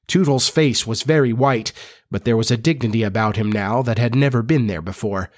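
A man's voice: medium pitch, brisk. A man hosting a storytelling podcast, chatting in a confiding, conversational way and then reading aloud with expression. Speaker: podcast host and narrator. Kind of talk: audiobook reading with chatty intro.

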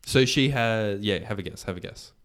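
A man, hosting a podcast and retelling a story in casual chat, animated and swearing freely. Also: on the low side, moderate pace. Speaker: podcast host.

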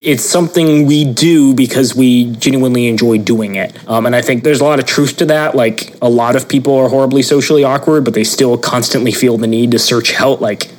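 A man's voice: mid-range voice, a little fast, hardly any pauses, poor audio. A young man co-hosting a podcast, chatting casually and acting out the people he quotes. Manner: animated, acts out quoted people in voices. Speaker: podcast co-host. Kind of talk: casual conversational chat.

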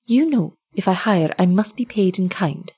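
A woman voicing a mysterious young fairy maiden who speaks softly and solemnly. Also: mid-range voice, expressive, moderate pace, slightly rough. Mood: calm. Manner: soft, hushed, solemn.

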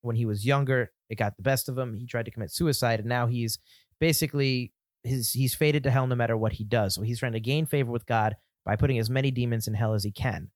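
A man's voice: medium pitch, quick pace, dry recording. Male co-host, easygoing explainer, laughs easily, dry close recording. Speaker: podcast co-host. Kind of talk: casual podcast chat and plot summary.

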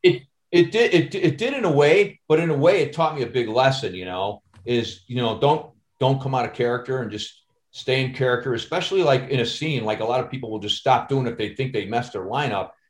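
A man's voice: medium pitch, expressive, a little fast. Easygoing man telling stories. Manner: rambling storyteller, frequent "you know". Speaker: actor and guest. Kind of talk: casual podcast chat.

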